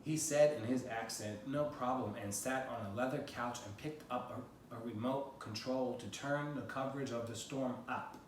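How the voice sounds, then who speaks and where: A man's voice: mid-range voice, normal speed, hardly any pauses. A man from the United States reading excerpts from his own memoir aloud in a plain first-person way. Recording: very echoey room, voice from a distance, faint noise.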